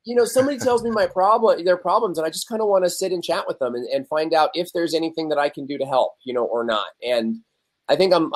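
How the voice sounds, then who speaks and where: A young adult man appears as a guest on a podcast, chatting candidly and animatedly in casual conversation. His voice is on the high side, and he acts out the voices of the people he quotes.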